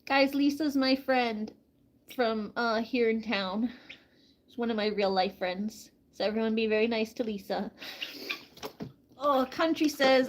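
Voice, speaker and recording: A woman vlogging from her backyard farm, chatting casually with viewers and softly coaxing a hen through a soak. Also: fairly high pitch, unhurried, heavy background noise. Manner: soft, coaxing talk to an animal. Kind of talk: casual live chat reading comments.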